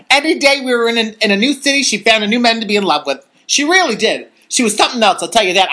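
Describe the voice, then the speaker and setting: A woman's voice: medium pitch, fairly bright tone. A woman playing a gushing, flustered middle-aged former showgirl aunt who rambles and fusses in an improvised comedy sketch.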